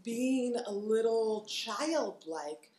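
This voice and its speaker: A woman's voice: fairly high pitch, lively intonation, very slow, dark tone, echoey room. A woman co-hosting a casual chat, encouraging and reflective, sometimes laughing as she speaks. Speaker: podcast co-host.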